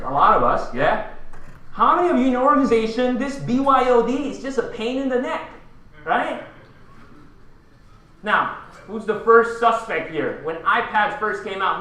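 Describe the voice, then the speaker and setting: In a big, reverberant conference hall, a man from the Philippines delivers a punchy keynote full of rhetorical questions aimed at the audience. His high-pitched, sharp voice is captured from a distance.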